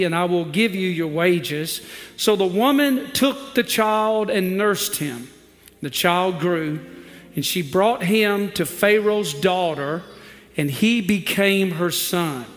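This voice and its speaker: A man's voice: high-pitched, fairly bright tone, big-room sound. A male pastor preaching a sermon in a church, leading the congregation to repeat scripture and telling humorous stories with rising emphasis. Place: church sanctuary.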